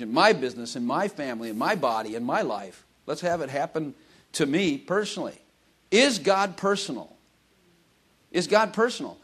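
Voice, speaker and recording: A man's voice: mid-range voice, breathy edge. A man preaching a conversational sermon, throwing rhetorical questions at the congregation and acting out prayers.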